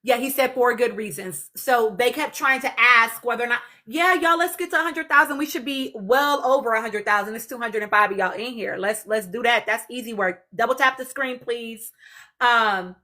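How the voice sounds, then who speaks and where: A woman's voice: fairly high pitch, moderate pace, sharp tone. A woman hosting a live podcast stream, chatting casually and speaking straight to her viewers. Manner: chatty, talks to viewers directly. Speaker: podcast host.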